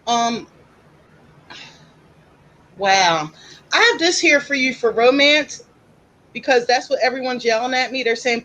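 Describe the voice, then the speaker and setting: High, chatty woman psychic. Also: normal speed, long pauses, highs cut off. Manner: chatty, animated storytelling. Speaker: psychic reader, co-host. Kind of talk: casual live-stream reading.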